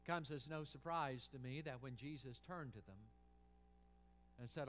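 A man preaching a sermon as senior pastor, impassioned, swinging from loud pleading to hushed tones. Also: on the high side, normal speed, slight background noise.

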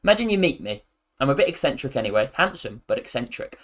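A man's voice: mid-range voice, fast talker. A man giving casual, joking commentary over a football video game, rambling and poking fun at himself. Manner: animated, jokey, rambling and self-mocking. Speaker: gaming YouTuber.

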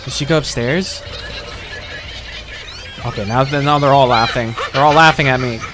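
A man streaming a horror game, reacting loudly and jumpily with frequent cursing and laughter. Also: mid-range voice, moderate pace, background noise. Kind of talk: live gameplay commentary. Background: game music.

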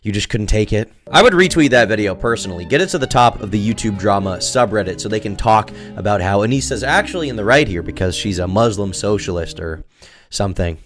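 A man riffing through sarcastic commentary, his voice swinging lively from low mutters to loud outbursts. He mocks in a deadpan way, with faint music running underneath. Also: quick pace. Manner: mocking, deadpan jokes with sudden shouts. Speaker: commentary YouTuber.

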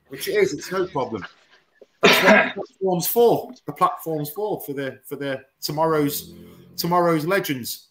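A man's voice: a little high, animated, normal speed, fairly bright tone. A man, a martial arts guest on a talk show, telling stories in casual banter, swearing, mimicking people and laughing often.

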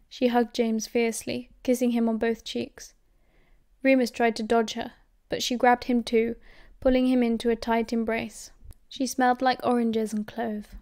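A woman with a British accent narrating an audiobook in a steady, measured way. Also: on the high side, no echo, studio quality. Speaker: audiobook reader.

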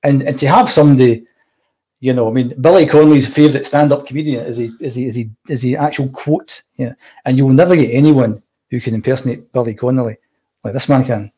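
A man chatting as a podcast guest at a quick pace. He rambles and restarts his sentences. His voice sits at a medium pitch. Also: warm tone, rough recording. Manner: fast, rambling, many restarts. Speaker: guest, co-writer. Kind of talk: casual chat.

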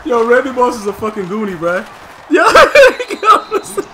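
A man giving casual, slangy live commentary over a video game, excitable and mocking, laughing often. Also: very high-pitched, normal speed, noisy background. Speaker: gaming YouTuber.

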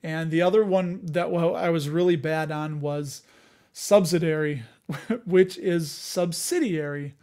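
A man's voice: on the high side, fairly even intonation, a little slow, a little mellow. A man hosting a casual live stream about investing, chatting with viewers, joking at himself and thinking aloud with many fillers. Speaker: host of a dividend investing live show.

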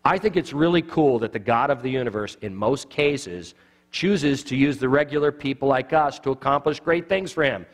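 A man teaching evangelism in a church, an animated storyteller who acts out the voices in his stories. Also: mid-range voice, moderate pace. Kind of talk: sermon-style teaching. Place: church sanctuary. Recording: reverberant church hall.

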